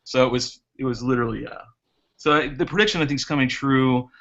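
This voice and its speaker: A man's voice: medium pitch, brisk, fairly bright tone. Male racing guest, chatty storyteller, mid-range voice, dull video-call sound. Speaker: guest drone racer. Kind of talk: casual chat on a live hangout.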